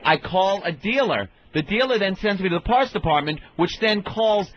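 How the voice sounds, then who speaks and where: A man with a high voice tells a comic story, acting out each person in it with profane, indignant flair. He sounds like a guest on a talk radio show. The broadcast sound is dull and lo-fi, with faint noise behind him. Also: expressive, normal speed, a bit bright. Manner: acts out every voice in his story, profane and indignant. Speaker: comedian guest. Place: radio studio.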